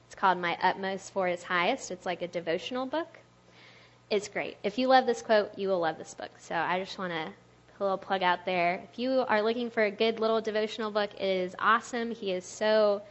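A woman's voice: medium pitch, normal speed, muffled recording. Chatty woman giving a casual sermon. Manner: chatty, laughs often, uses "like" a lot. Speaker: speaker at a church youth talk.

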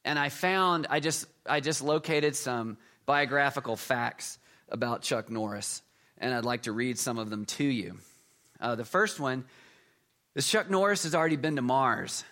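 A man's voice: mid-range voice, normal speed. Preacher man with big swings in volume. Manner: humorous storytelling, swings between loud emphasis and quiet asides. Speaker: pastor. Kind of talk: sermon.

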